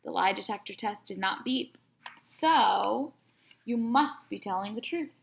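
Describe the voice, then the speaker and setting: A woman voicing a gruff, bossy adult male police officer who barks his questions. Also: medium pitch, lively intonation, measured pace, a little hiss or hum. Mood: stern. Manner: barking, blustery interrogating.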